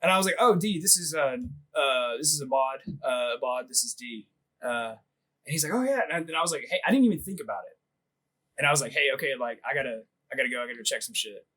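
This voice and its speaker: A man's voice: mid-range voice, animated, fast talker, pushed and bright, low-quality recording. A man casually telling a long story on a podcast, laughing often, swearing freely and filling his speech with "like.". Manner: laughing, profane, rambling with lots of "like". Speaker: podcast host.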